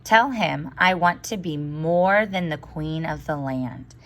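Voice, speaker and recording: A woman's voice: deep voice, slow, a bit bright. A woman teacher voicing a greedy, demanding fisherman's wife in a storybook read-aloud, curt and commanding.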